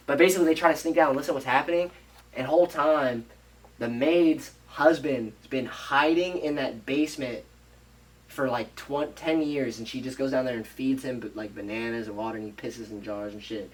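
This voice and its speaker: A man on a podcast casually retelling a movie plot, rambling and animated, acting out the characters' lines and swearing freely. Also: medium pitch, fairly quick, recorded from a distance, rough recording. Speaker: podcast co-host.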